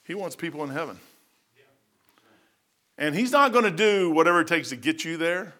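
A middle-aged preacher delivers his sermon in an animated, down-home style. Speaking at an ordinary speed, he has a somewhat high, bright, powerful voice that swells to strong climaxes whenever he presses a point.

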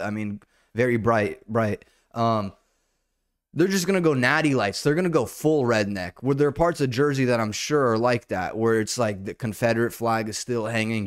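Rambling, profane comedian podcast host. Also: male voice, clean tone. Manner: profane, rambling, jumps into loud high-pitched bits. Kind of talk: casual solo podcast monologue.

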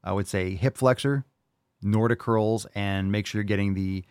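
Brash, joking male host, low voice, dry close sound. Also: moderate pace, clean tone, no room sound. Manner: brash, jokey, swears freely, bursts of loud enthusiasm. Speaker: podcast host answering listener questions. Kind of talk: casual fitness podcast chat.

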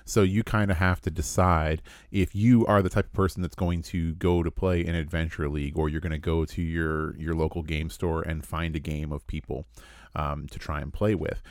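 Deep-voiced man co-hosting a podcast. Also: level tone, normal speed, a little mellow, dry recording, studio quality. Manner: easygoing, laughs at his own jokes. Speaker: podcast co-host. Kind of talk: casual chat.

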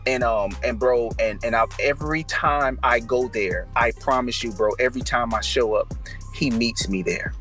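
A man from Georgia hosts a casual faith podcast. He talks in an affirming, gently preachy way, with a mid-range voice. Faint music plays behind him. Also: medium pitch, moderate pace. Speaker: podcast host.

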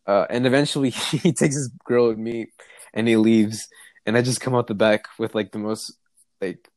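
A man's voice: fairly low pitch, fairly even intonation, normal speed, a little mellow, dry recording. A young man casually telling a work story, swearing freely and acting out the other people in it. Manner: laid-back storyteller, swears freely, acts out voices. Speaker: co-host telling work stories. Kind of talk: casual chat.

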